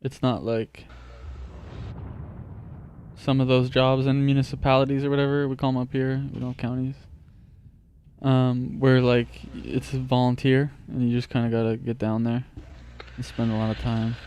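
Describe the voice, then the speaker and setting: A man's voice: medium pitch, level tone, moderate pace, pauses often, a little mellow, slight background noise. A man chatting casually on a podcast in a laid-back, drawling way. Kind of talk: casual chat.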